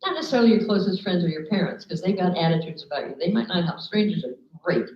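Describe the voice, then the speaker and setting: A woman giving a motivational talk to an audience, telling lively stories and acting out the people in them. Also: fairly low pitch, fast talker. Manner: lively storyteller, acts out quoted people. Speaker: motivational speaker. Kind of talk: live talk to an audience with slides. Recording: echoey room, dull lo-fi sound.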